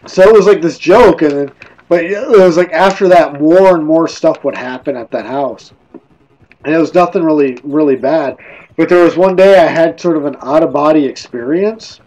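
A man's voice: a little high, moderate pace, a little mellow, rough recording. A man streaming while gaming, drunk, telling a casual rambling ghost story full of restarts.

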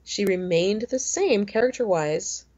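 A woman's voice: mid-range voice, lively intonation, a little slow, a little mellow, muffled recording. A woman in her forties co-hosting a podcast, telling stories in a rambling, chatty way full of fillers. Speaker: podcast co-host. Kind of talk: casual chat.

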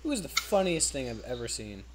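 A man's voice: mid-range voice, big pitch swings, a little fast, a bit bright. A young man co-hosting a casual gaming podcast, teasing and offhand in a sarcastic way. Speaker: co-host.

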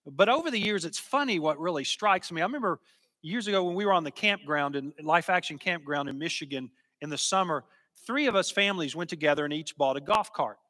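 A man's voice: fairly high pitch, animated, a little fast, pushed and bright. A middle-aged man preaching a sermon in an earnest, emphatic teaching manner, recorded in a church sanctuary. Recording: reverberant church hall.

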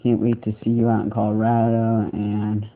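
A young man recording a halting, repetitive video message to his mother. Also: fairly low pitch, monotone. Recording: muffled phone-like audio.

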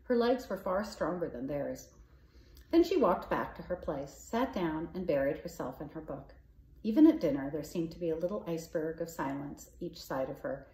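A woman reads a children's novel aloud, calm and measured. Her voice is low and mellow, and a roomy echo hangs around it. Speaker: storyteller. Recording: echoey room.

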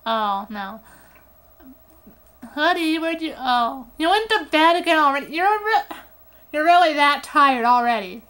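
Woman, high voice, slow unhurried delivery, casual game commentary, excitable, swears a lot, phone mic. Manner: excitable, swears often, giggly outbursts. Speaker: gameplay commentator. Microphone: phone recording app.

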